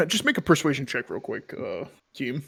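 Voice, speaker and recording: A man narrating a tabletop game as its game master, in a relaxed, playful way. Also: mid-range voice, moderate pace, creaky, husky.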